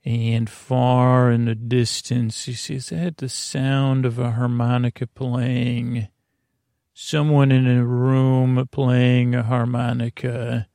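A man hosting a podcast, telling a meandering sleep story in a creaky voice. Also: mid-range voice, flat delivery, slow, dark tone, no room sound, studio quality. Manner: meandering, hesitant. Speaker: podcast host. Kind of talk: slow sleep-story narration.

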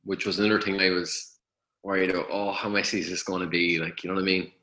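A man's voice: sits low, little pitch movement, quick pace, bright, forceful tone, rough recording. A man talking as a birth partner in an interview, easygoing and rambling, often trailing off. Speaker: guest, partner. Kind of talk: conversational interview.

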